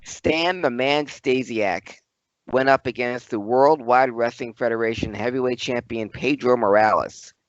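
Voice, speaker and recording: A man's voice: mid-range voice, a little slow, no room sound, dull audio. A man co-hosting a podcast as its wrestling historian, telling old stories in a wordy, dramatic way. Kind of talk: casual chat and storytelling.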